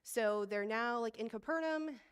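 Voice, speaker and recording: A woman's voice: on the high side, measured pace, clean tone. Chatty woman preaching with easy humor. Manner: conversational, self-deprecating, laughs often. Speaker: service leader. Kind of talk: sermon.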